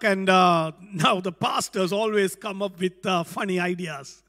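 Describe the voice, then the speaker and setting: Male pastor, slow hesitant sermon, high bright voice, long hall reverb. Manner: slow, hesitant, many fillers. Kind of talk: sermon with storytelling. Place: church without congregation.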